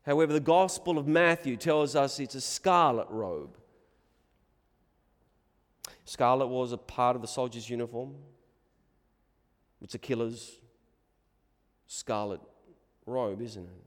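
Slow-paced preacher in a reverberant hall. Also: male voice, medium pitch. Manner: swings from hushed, reflective passages to loud, emphatic proclamation. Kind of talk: sermon. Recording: long reverb of a large hall.

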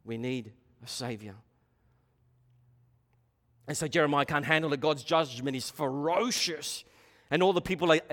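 A man preaching a sermon in a church, impassioned and swinging from hushed, low lines to loud, urgent ones. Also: moderate pace, pauses often. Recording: long hall reverb.

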